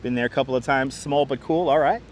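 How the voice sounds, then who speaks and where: Speaking fast in a mid-range voice, a livestream host walks an outdoor waterfront park on a live tour, his wireless lapel mic picking up slight background noise. He's chatty, laughs frequently, reads chat aloud, and greets viewers by name.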